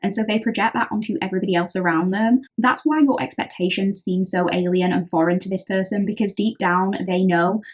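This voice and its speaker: A woman's voice: medium pitch, steady tone, a little fast, hardly any pauses. A British woman giving a chatty pick-a-card tarot reading, talking straight to the viewer and acting out what other people say. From Britain. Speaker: tarot reader.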